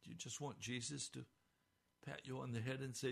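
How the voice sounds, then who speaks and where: An older man preaching a sermon as a pastor, impassioned, swinging between hushed and crying out, his voice almost hoarse. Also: medium pitch, fairly even intonation, fairly quick.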